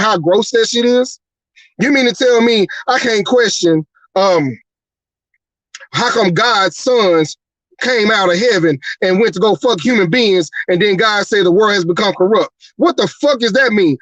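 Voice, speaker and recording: A man's voice: sits high, a bit bright, no echo, low-quality recording. A man hosting a live podcast, delivering an angry, profane rant full of repeated rhetorical questions. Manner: profane, rhetorical, repeating "you mean to tell me". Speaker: podcast host.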